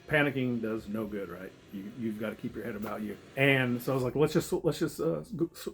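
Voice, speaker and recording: Fast-talking man telling a story. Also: mid-range voice, a little hiss or hum. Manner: rambling, self-interrupting, swears and laughs often. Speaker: vlogger telling a diving story. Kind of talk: casual storytelling.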